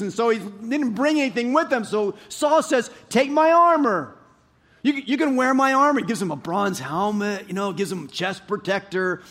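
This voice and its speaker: A male pastor with a high voice preaches a sermon, reading scripture and then retelling it as animated storytelling. His delivery swings between loud and soft.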